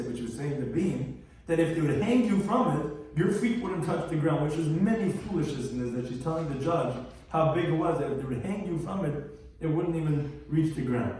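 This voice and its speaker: A man's voice: fairly high pitch, darkish tone. A man gives a Talmud lesson, singing out each Aramaic phrase before translating it and adding a quip. His slightly raised voice carries through a heavily reverberant classroom. The mic sits well back from him. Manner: explains Aramaic phrases line by line, chanting the original then translating, with quips. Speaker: rabbi teaching Talmud. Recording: very echoey room, distant mic.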